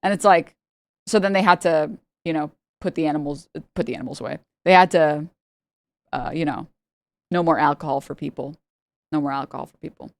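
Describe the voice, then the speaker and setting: A woman's voice: sits low, brisk, dry recording. A young adult woman streamer telling a long story casually, rambling and laughing, acting out the people she quotes. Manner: rambling, animated, laughs often, acts out quotes.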